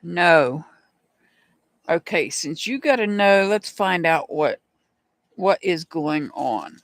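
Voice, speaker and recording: A woman's voice: fairly low pitch, animated, slow pace, no room sound. A woman hosting a live rune reading stream, chatting casually and greeting viewers by name. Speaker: rune reader.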